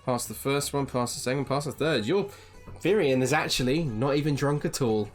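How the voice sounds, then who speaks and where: A man's voice: mid-range voice, normal speed, faint music behind. A man running a tabletop game as game master, narrating casually with lots of ums. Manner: casual, rambling with many ums.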